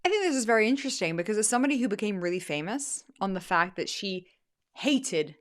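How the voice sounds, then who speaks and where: A woman's voice: medium pitch, sing-song, quick pace. A woman hosting casual political commentary, sarcastic with mocking asides, reading excerpts aloud. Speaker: host.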